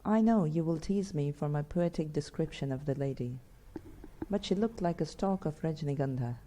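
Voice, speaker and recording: Dark, low-voiced woman narrating a story. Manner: measured first-person storytelling. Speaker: audiobook narrator. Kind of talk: scripted narration.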